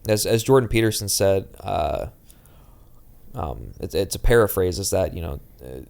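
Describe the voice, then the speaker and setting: A man co-hosting a podcast, speaking in a halting, intense way with frequent restarts. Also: sits low, animated, vocal fry, darkish tone. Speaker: podcast co-host. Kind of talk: casual podcast discussion.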